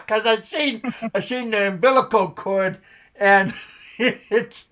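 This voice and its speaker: Slow-talking halting man telling a story. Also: sits high, a bit bright. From United States. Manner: halting, many restarts and ums, laughs at own jokes. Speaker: show host. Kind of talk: casual chat, telling a story.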